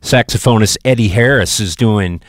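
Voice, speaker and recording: A man's voice: on the low side, moderate pace, dry recording. A man hosting a live jazz radio show, chatting casually with lots of fillers and asking listeners for donations. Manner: relaxed, chatty, loose with fillers. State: a bit out of breath. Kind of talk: live radio DJ patter and pledge drive. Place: radio studio.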